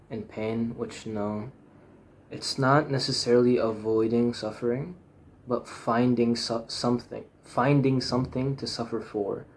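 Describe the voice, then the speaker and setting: A man's voice: mid-range voice, a little hiss or hum. A young man talking frankly in a rambling personal monologue, full of fillers, restarts and swearing. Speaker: vlogger.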